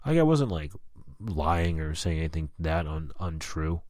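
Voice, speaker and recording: A man's voice: very deep voice, very animated, measured pace, darkish tone, no room sound. A man hosting a casual solo podcast, talking in a rambling, candid way and swearing often. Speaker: podcast host. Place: lives in Albuquerque.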